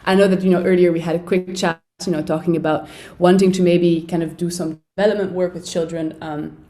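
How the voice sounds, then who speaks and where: A woman's voice: lowish voice, flat delivery, brisk, warm tone. A woman hosting a casual podcast interview, laughing often and asking long, rambling questions full of fillers.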